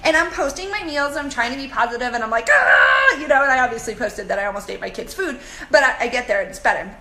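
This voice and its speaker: A woman in her thirties chatting on a live video to her viewers, animated as she tells stories and answers comments. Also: a little high, fast. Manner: bubbly, animated storytelling, reads comments aloud. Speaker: coach hosting a live video. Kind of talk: live-stream chat to viewers. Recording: echoey room with faint background noise.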